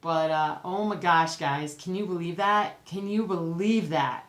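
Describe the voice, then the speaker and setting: A woman vlogging casually to camera about her cross-stitch projects, chatty and excitable, often exclaiming. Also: fairly low pitch, measured pace. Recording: echoey room, faint background noise.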